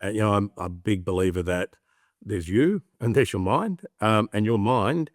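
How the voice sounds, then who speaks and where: A middle-aged Australian man with a lowish voice tells stories with lively animation. He slips into little character voices as he talks. The sound is dry and close. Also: moderate pace, no room sound. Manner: animated storyteller, acts out voices in anecdotes. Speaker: guest. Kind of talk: reflective interview talk.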